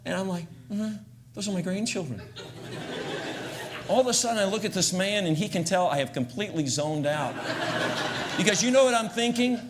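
An older man preaching a comic storytelling sermon, acting out scenes and shouting voices loudly. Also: high voice, brisk, long pauses, background noise. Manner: animated, acts out scenes with loud shouts.

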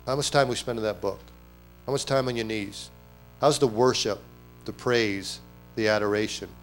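A man preaching a sermon at a church service, animated, acting out quoted voices and firing off rhetorical questions. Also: on the low side, moderate pace, faint music behind. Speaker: pastor.

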